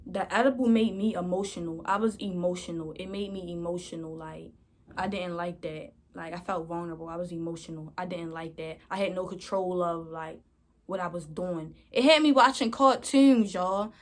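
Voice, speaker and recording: A woman's voice: on the low side, normal speed. A young woman vlogger telling a storytime in a rambling, slangy way, often calling her viewers y'all. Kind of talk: casual storytime.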